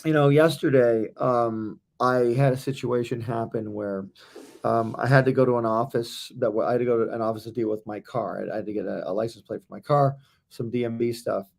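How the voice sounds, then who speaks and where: Male co-host, gravelly mid-pitched voice, rambling anecdotal faith chat. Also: fairly even intonation, fairly quick. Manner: rambling anecdotal telling with fillers. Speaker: co-host of a Christian talk stream. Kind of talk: casual faith talk and storytelling.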